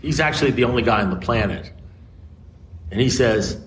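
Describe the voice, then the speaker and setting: An American man speaking at a recovery meeting, telling a story and acting out both sides of a conversation with big swings in pitch. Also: moderate pace. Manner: animated, acts out dialogue with swings in pitch. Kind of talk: storytelling talk. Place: meeting room. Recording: noisy room recording.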